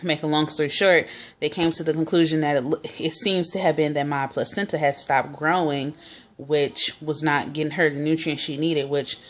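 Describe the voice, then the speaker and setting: Low-voiced young woman telling her story. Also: steady tone, moderate pace. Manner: chatty, many fillers and quoted dialogue. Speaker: vlogger. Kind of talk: casual personal storytelling.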